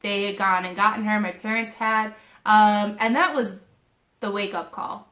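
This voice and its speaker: A young woman hosting a spiritual talk, casually retelling a personal story in an animated, emotional way. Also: medium pitch, moderate pace. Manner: animated, emotional retelling with quoted inner voices. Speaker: spiritual video host. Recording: roomy echo.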